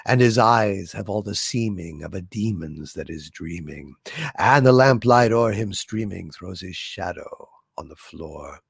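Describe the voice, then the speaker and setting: A man voicing a deep-voiced male monster puppet who recites poetry slowly and dramatically. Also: lively intonation, creaky, slightly rough, no room sound, studio quality, full character voice. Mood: ominous.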